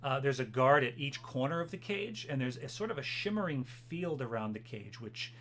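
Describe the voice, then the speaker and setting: A man's voice: mid-range voice, lively intonation, normal speed, a bit bright. A man narrating as game master of a tabletop game, hesitant and full of fillers. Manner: hesitant, full of ums and uhs.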